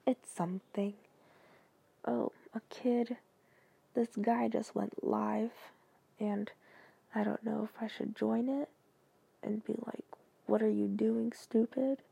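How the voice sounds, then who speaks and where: Gravelly, husky woman chatting. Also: fairly high pitch, fairly even intonation, takes it slowly, pauses often, mellow, dry recording. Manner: hesitant, with many fillers and asides. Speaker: host reading copypastas. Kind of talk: casual reading chat.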